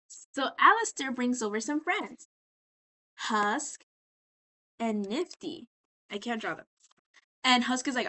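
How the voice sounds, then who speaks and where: A woman's voice: fairly high pitch, moderate pace, pushed and bright. A tipsy woman rambling sassily as she recaps a show in a casual vlog. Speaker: vlogger.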